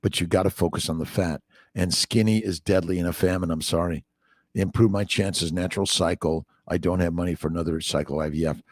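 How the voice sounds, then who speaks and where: A man's voice: sits low, fairly even intonation, fairly quick, no echo, clean studio sound. An older man, a doctor, hosting a casual morning livestream, upbeat and preachy, greeting viewers by name.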